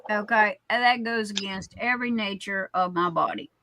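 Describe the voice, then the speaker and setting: A woman's voice: medium pitch, normal speed, pushed and bright, a little hiss or hum, low-quality recording. A woman in casual chat telling a personal story, blunt and salty, rambling with many fillers and restarts.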